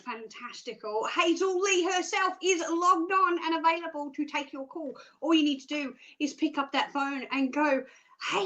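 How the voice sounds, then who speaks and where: A woman's voice: very high voice, bright, forceful tone, rough recording. A young Australian woman hosting a live stream in a bubbly, chatty way, with jokey asides. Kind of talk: upbeat live stream presenting.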